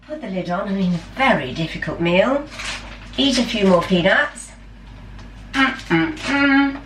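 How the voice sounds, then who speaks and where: A woman's voice: medium pitch, lively intonation, normal speed. A middle-aged woman in a casual cooking vlog, chatty and self-deprecating, talking enthusiastically about her food at home. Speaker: vlogger. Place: home kitchen. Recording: roomy, distant camera sound with faint background hum.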